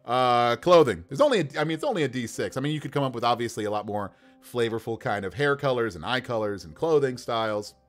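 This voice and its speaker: A man chatting casually on a livestream as a game master, building characters by rolling dice, animated and laughing often. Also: medium pitch, fast, hardly any pauses, faint music behind.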